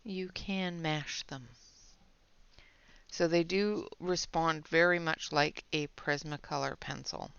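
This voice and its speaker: Breathy woman demoing coloured pencils. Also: low voice, fairly even intonation, slow pace, a bit bright. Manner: chatty, explains step by step. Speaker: colouring channel host. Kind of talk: casual product demo while colouring. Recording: dull lo-fi audio.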